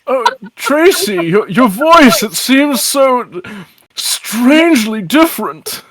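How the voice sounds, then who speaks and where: A man's voice: very high voice, big pitch swings, slow, a bit bright, pitched above the performer's own voice, heavily acted. A man voicing a drowsy old male priest who stammers and sounds suspicious.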